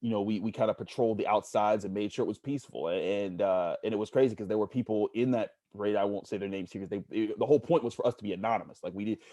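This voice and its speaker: A man from Pittsburgh, a sports journalist, talking earnestly as a podcast guest, halting and searching for words. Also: on the low side, mellow, no echo. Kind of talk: casual interview storytelling.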